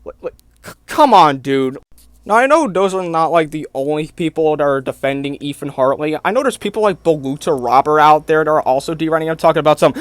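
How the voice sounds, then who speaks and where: A man with a high voice delivers an exasperated commentary rant, packed with "like" and "bro". The sound is dry and close, with no room echo. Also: lively intonation, fairly quick, fairly bright tone. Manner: exasperated, fills talk with "like" and "bro". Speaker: YouTube commentator.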